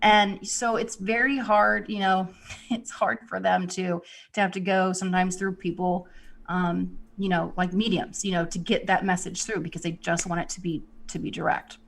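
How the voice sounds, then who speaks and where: A woman's voice: fairly low pitch, flat delivery, normal speed, creaky. A woman, a psychic medium, talking casually and rambling, with many "you know"s. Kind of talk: casual spiritual talk.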